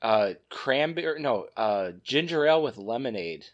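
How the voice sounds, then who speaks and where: A tipsy man co-hosting a podcast, slurring a little and pausing to search for words in casual chat. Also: mid-range voice, lively intonation, muffled recording. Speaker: podcast co-host.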